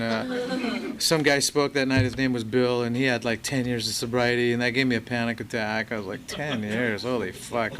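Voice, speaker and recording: This man from around Los Angeles recounts a personal story at a recovery meeting in an easygoing way, full of fillers and quoted speech, while the audience laughs. His medium-pitched voice sounds a bit bright.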